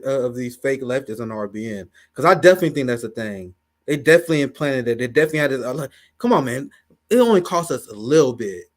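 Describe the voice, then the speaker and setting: A man hosts a political commentary livestream and rants fiercely, swearing often for emphasis. His voice sits fairly high for a man. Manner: fiery, profane, emphatic ranting. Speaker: host.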